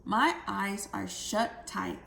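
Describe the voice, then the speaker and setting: A woman teacher voicing a young girl in a storybook who wants to stay in bed, reading her lines slowly and drawn out. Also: mid-range voice, creaky, sharp tone, full character voice. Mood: reluctant. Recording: echoey room, faint background noise.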